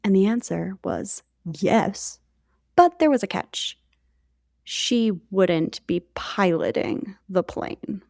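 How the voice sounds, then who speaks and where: A woman's voice: mid-range voice, expressive, slow, vocal fry, darkish tone, no echo, clean studio sound. A woman co-hosting a podcast, telling a history story in a chatty way with jokey asides to her co-host.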